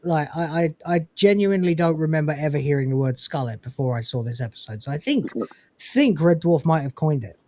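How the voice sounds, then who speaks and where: At a slightly fast clip and with a fairly high pitch, a man hosts a casual recap show reviewing episodes. He narrates scenes in an animated way, performing the characters' quoted lines.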